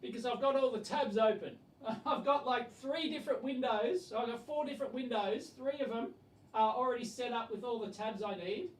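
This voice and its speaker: A man's voice: very high voice, normal speed. A middle-aged Australian man hosting a casual electronics livestream, rambling and exasperated, chuckling as he answers the chat.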